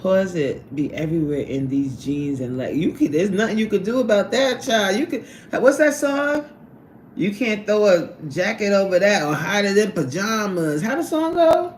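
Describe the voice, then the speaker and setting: A woman hosting a casual livestream from her workplace on a lunch break, reading out chat and laughing often in an animated way. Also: moderate pace, reverberant, a little hiss or hum. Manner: animated, laughs often, swoops up high when excited.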